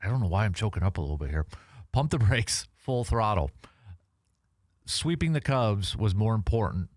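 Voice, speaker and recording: A low-voiced man hosting a sports radio show from a studio. He talks in animated, halting bursts, full of fillers and restarts. The sound is close and dry. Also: dry recording. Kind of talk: casual sports talk.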